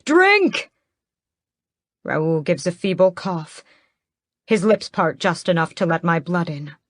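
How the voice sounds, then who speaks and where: A woman narrating a first-person fantasy audiobook in a measured, steady way, close to the mic. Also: on the low side, no echo.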